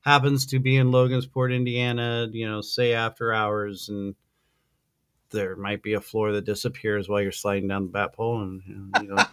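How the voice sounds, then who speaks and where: A man hosting a podcast, chatting in an excited, rambling way, gushing like a fan over his guest. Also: on the low side, moderate pace, clean tone, no echo, clean studio sound. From American Midwest. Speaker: podcast host. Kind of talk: excited casual interview chat.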